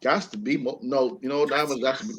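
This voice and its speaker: A man's voice: medium pitch, fast. A man hosting a casual comedy podcast, joking and acting out little scenes. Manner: animated, acts out voices while joking. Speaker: podcast host. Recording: slightly dull lo-fi sound.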